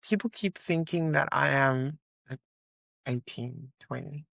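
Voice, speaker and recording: A relaxed woman tells stories while driving, co-hosting a podcast. Her voice is notably low. The sound is close and dry. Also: unhurried, gravelly, dry recording. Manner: relaxed storytelling. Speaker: teacher and podcast co-host. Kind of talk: casual chat. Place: car.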